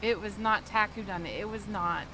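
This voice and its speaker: A woman's voice: medium pitch, moderate pace, noisy background. A woman livestreamer chatting casually with viewers while gaming, telling stories and laughing often.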